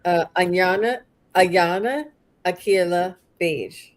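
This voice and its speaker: A chatty woman with a fairly low voice hosts a casual livestream card reading. She gushes over each card and trips over viewers' names as she goes. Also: slow. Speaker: host, psychic card reader.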